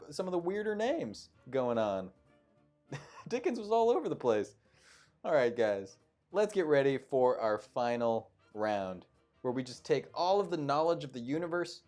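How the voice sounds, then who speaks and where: A man's voice: fairly high pitch, a little mellow. A man hosting a live online trivia show, reading questions and making playful, jokey asides between them. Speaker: quiz show host.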